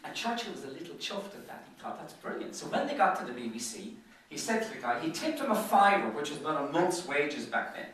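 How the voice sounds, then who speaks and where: An Irish man tells business anecdotes to a dinner crowd, talking fast with a bright, forceful tone. He often trips over repeated words as he goes. He sounds far from the microphone in a very echoey room. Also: fairly high pitch, sing-song, slight background noise. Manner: chatty storyteller who stutters on repeated words. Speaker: business speaker. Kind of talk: after-dinner business presentation. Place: function room at a golf club.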